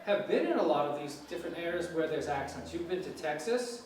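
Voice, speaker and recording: A man from New York City giving an informal talk as a guest lecturer on English, relaxed and chatty with many fillers and restarts. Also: a little high, fairly quick, recorded from a distance. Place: university lecture room. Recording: echoey room, from afar, faint hiss.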